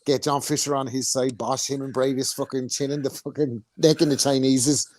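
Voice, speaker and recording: A man co-hosting a casual boxing chat, talking animatedly with lots of swearing and quick mimicry. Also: crowd noise. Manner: swearing, animated, mimics fighters in high voices. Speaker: podcast co-host.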